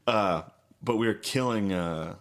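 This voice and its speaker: A man co-hosting a comedy podcast, telling stories, laughing easily and shouting out other people's lines. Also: lowish voice, measured pace. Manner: storytelling, laughs easily, loud bursts when acting out people. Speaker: podcast co-host. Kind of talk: casual comedy podcast chat.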